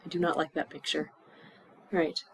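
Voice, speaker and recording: A woman teaching English to learners, repeating words slowly and acting out aches and symptoms with little groans. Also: deep voice, level tone, vocal fry, breathy edge, no room sound, poor audio. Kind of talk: slow classroom explanation.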